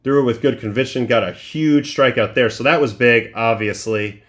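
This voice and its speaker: A middle-aged man talks through baseball footage pitch by pitch in a relaxed, conversational way, pausing on fillers and restarting his sentences as he thinks aloud. His voice sits at an ordinary middle pitch. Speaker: livestream host breaking down game film. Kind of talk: casual pitch-by-pitch analysis.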